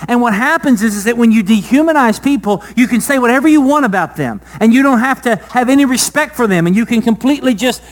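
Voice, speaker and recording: A man preaching a sermon, asking the congregation rhetorical questions, his voice rising loud and then dropping soft. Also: very high-pitched, lively intonation, fast talker, hardly any pauses. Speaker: pastor.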